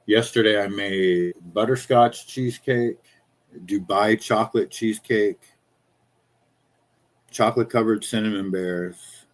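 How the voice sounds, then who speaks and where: A man's voice: lowish voice, steady tone, a little slow, pauses often. A man in his fifties, a small-business chocolatier, ranting casually in a profane, rambling, indignant way. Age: 50s.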